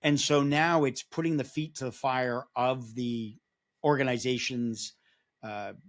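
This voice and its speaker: A man with an ordinary middle-pitched voice guests on a podcast interview as a security awareness advocate. Unhurried and relaxed, he talks through his points at length, telling them like a story.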